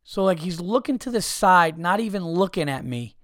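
Brief: profane, exasperated man ranting on a podcast, bit high-pitched. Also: lively intonation, moderate pace, fairly bright tone, no echo, clean studio sound. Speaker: podcast host. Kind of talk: comic storytelling rant.

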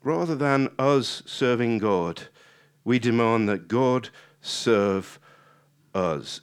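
Guy preaching, swoops up high when he acts out prayers, chatty asides. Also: takes it slowly, clear, resonant tone. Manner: animated, rising high when acting out prayers; conversational with restarts and asides. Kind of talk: sermon.

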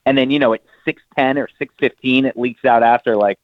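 A man's voice: medium pitch, fairly even intonation, brisk, dry recording. A man talking as a guest in a casual chat, rambling and often restarting his sentences. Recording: phone line.

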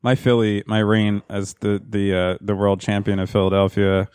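A man's voice: fairly low pitch, level tone, normal speed, a little mellow, smooth, no room sound, clean studio sound. A man from New Jersey co-hosting a podcast, joking and rambling in casual crude chat. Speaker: podcast co-host.

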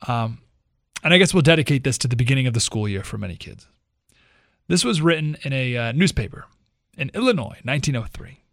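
Animated male talk radio host. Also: mid-range voice, no echo, studio quality. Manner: animated storytelling with quick asides. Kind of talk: talk radio, reading a story aloud.

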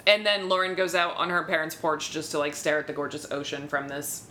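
Low-voiced woman recapping sarcastically. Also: level tone, a little fast, pushed and bright, a little hiss or hum. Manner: sarcastic, swears, reads quotes from her notes. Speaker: podcast co-host. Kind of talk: casual recap chat.

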